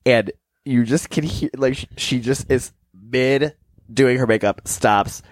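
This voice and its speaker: A young man co-hosting a podcast in casual chat, animated and quick to mimic other people in high voices. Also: no echo. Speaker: podcast co-host.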